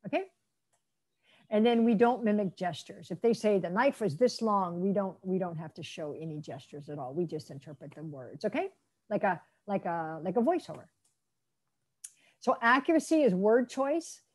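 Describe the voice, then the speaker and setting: A middle-aged woman lectures on interpreting with a mellow, warm tone. She slips into lively role-play, voicing doctors and patients as she explains. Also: medium pitch, moderate pace. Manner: lively, acts out quoted speakers in role-play. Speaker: interpreter trainer. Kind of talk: lecture presentation.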